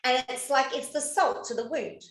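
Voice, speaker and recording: A high-voiced woman chatting casually as a podcast co-host. She swears freely and laughs often. Her voice carries the echo of a roomy space. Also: moderate pace. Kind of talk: casual chat.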